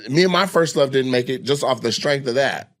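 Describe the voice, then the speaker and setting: A man from Washington State, a guest comedian, telling a story in casual, animated, profane chat and acting out other people's voices. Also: mid-range voice, a little fast.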